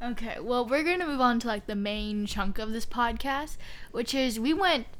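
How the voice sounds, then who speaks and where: A young woman co-hosting a casual podcast, telling stories in a quick, chatty way with lots of "like"s. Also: on the high side, a bit bright. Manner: chatty, quick storytelling with many "like"s. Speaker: podcast co-host. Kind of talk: casual chat.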